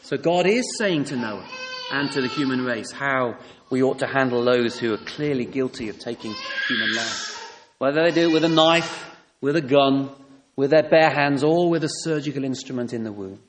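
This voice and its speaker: A man's voice: mid-range voice, normal speed, noisy background. A man preaching a sermon, emphatic and fond of rhetorical tag questions. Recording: long reverb in a hall.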